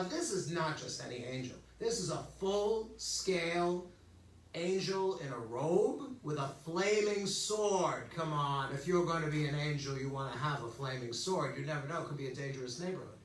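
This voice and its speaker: Brief: older male rabbi, casual joking sermon, bright slightly high voice, distant mic in an echoey sanctuary. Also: animated, normal speed. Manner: joking, conversational, lots of okays and asides. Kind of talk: informal sermon. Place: synagogue sanctuary. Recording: echoey hall, distant mic, faint hum.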